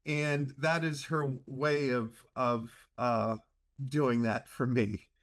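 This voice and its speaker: Halting, emotional man presenting an award. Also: medium pitch, level tone. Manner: emotional, halting, many fillers. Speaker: committee chair. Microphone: video call.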